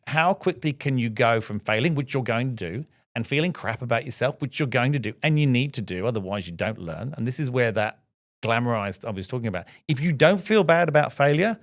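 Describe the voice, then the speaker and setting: A man's voice: medium pitch, expressive, fairly quick, no room sound, studio quality. A middle-aged man speaking as a podcast guest, reflective and emphatic, often adding rhetorical "right?" asides.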